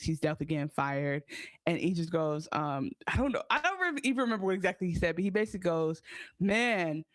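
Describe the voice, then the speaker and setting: A woman co-hosting a podcast, recapping a TV episode in casual chat. She talks in an animated way, swears, and acts out her own reactions. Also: low voice, dry recording. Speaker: podcast co-host.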